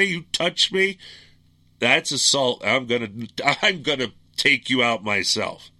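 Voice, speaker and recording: A man's voice: on the high side, bright, forceful tone. A middle-aged man hosting a political talk radio show, ranting in a blunt, angry, combative monologue.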